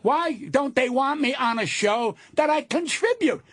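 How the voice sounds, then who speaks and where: Older man, comedian, indignant profane rant, high voice, very lively pitch. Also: measured pace, dry recording. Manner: loud, profane, indignant ranting. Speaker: comedian, radio guest. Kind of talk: ranting radio talk. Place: radio studio.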